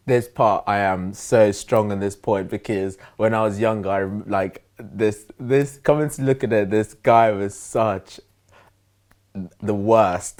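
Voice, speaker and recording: A man's voice: on the low side, a little mellow. A man hosting a podcast, easygoing and agreeable, with plenty of "yeah" and "um". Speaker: podcast host. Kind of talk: casual chat.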